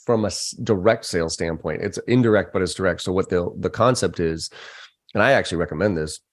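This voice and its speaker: A middle-aged American man with a fairly low voice tells stories in a blunt, casual way. He swears freely and swings his pitch up high when he acts out other people's lines. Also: quick pace. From United States. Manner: animated, profane, acts out quoted voices with big pitch jumps. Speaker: sales trainer and podcast guest. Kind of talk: candid conversational storytelling.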